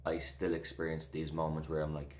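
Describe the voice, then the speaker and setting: A man in his thirties speaks straight to camera in a very deep, even voice. He talks in an earnest, reassuring way, loose and full of fillers. The room around him sounds echoey. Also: a little fast, a little hiss or hum. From Ireland. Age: 30s. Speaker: recovery coach vlogger. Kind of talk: heartfelt casual talk to camera.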